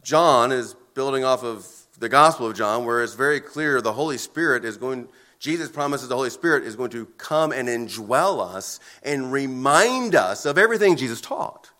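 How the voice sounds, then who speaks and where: A man preaching a sermon as pastor, earnest and emphatic, with deliberate pauses between phrases. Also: medium pitch, expressive, sharp tone.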